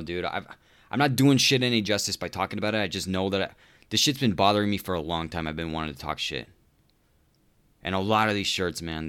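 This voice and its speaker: A podcast host with a low, fairly bright, clear and resonant voice launches into a profane comedic rant. He sounds sarcastic and exasperated, swearing nonstop and calling people "dude."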